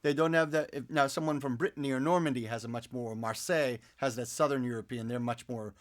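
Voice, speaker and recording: Animated middle-aged voice actor. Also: male voice, mid-range voice, fast talker, few pauses. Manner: animated storyteller, drops into impressions. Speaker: voice actor guest. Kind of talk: casual podcast interview.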